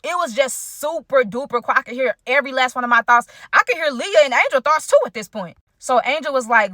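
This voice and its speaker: A young woman telling a storytime vlog in an animated, chatty way, talking straight to her viewers. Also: high voice, fairly quick, hardly any pauses, no echo, clean studio sound. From United States. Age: young adult. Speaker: vlogger.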